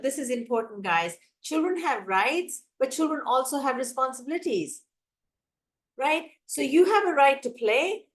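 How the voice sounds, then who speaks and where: A woman giving an emphatic teacher training talk on classroom management, acting out examples as she goes. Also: high voice. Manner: energetic, emphatic, acts out examples. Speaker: early childhood educator.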